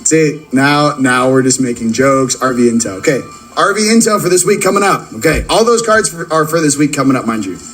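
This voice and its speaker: A man's voice: medium pitch, lively intonation, a little fast, fairly bright tone, poor audio. A man hosting a casual spiritual card-reading video, rambling and joking while speaking straight to his viewers. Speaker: channel host doing card readings. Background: faint background music.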